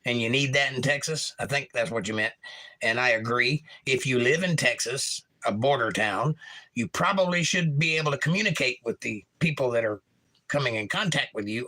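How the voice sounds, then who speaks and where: A man's voice: medium pitch, lively intonation, moderate pace, sharp tone, low-quality recording. A man hosting a casual livestream, reading viewer comments aloud and joking about them in a playful way. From Florida. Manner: jokey, reads chat aloud with goofy voices. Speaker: livestream host.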